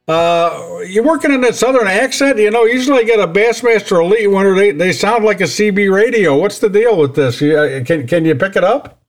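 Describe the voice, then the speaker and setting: A man's voice: high-pitched, expressive, a little fast, soft background music. A man hosting a fishing podcast in a casual chat, talking freely and often repeating words as he restarts. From Northern Illinois. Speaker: podcast host.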